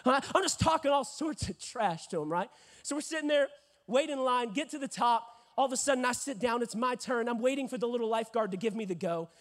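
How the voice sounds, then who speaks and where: A young man in his twenties preaching a sermon, telling a lively story and acting out voices, rising to shouts at the peaks. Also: very high-pitched, fast talker. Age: 20s.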